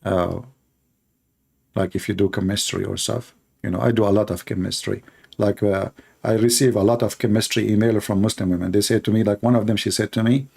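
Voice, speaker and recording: A man's voice: fairly low pitch, fairly even intonation, normal speed, gravelly, a little mellow, slightly rough. A man hosting a channel, giving mocking, emphatic commentary over clips. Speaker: channel host.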